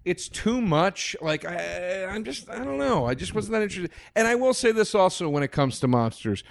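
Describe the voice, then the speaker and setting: A man's voice: high-pitched, sing-song, moderate pace, creaky, no echo. Rambling male podcast co-host. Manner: rambling, stammering restarts, dry storytelling. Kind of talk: casual movie review chat.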